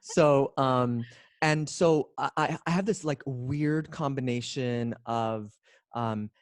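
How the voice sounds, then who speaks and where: A man in his forties, a guest on an interview show, talking in an expressive, playful way with drawn-out phrasing. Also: medium pitch, no echo, studio quality. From Canada. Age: 40s. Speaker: guest, speaker and coach. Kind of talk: casual interview chat.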